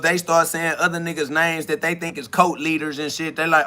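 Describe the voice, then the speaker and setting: A man hosting his own podcast, talking freely in a rambling spiritual monologue. He keeps saying "you feel me", laughs often, and swings between loud and hushed. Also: a little high, steady tone, normal speed. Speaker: podcast host.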